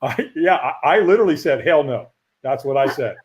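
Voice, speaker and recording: Middle-aged man telling a lively story. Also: a little high, brisk. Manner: lively storyteller acting out quoted voices. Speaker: firewalk instructor and guest. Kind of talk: casual storytelling interview. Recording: dull lo-fi audio.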